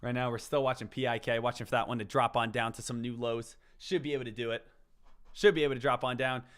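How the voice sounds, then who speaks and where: A man's voice: medium pitch, fairly even intonation, fast talker, fairly bright tone, clean tone. A man hosting a live trading stream, chatting casually and answering his viewers, often repeating the word "again.".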